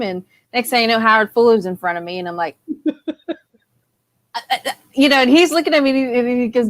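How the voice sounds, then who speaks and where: Woman from Texas, fairly high voice, eager and chatty, dry sound. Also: expressive, brisk, a bit bright, no room sound. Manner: enthusiastic, full of fillers, laughing often. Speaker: parent delegate guest. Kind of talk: casual storytelling chat.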